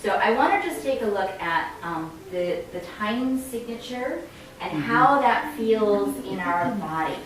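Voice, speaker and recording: With an animated, mid-range voice and an unhurried pace, a woman running a choir rehearsal explains rhythm and breathing and sings phrases to show what she means. She was recorded from a distance in an echoey rehearsal room with faint ambience.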